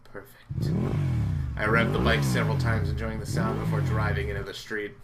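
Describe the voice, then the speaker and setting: A man's voice: fairly low pitch, flat delivery, fast, creaky, loud music behind the voice. A man reading a visual novel aloud, dramatic and full of sarcastic asides. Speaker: game reader.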